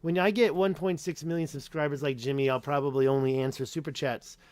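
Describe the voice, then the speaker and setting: A man's voice: a little high, fairly even intonation, brisk, a little mellow, no echo. A man hosting a casual live-stream Q&A, rambling and chatty, correcting himself and reading viewer names aloud. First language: English. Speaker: YouTube host answering live chat.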